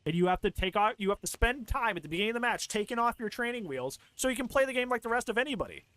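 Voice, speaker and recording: A man's voice: high voice, animated, very fast, a bit bright, no room sound. A man reacting to a video on stream, ranting in an exasperated, casual way with lots of fillers and restarts.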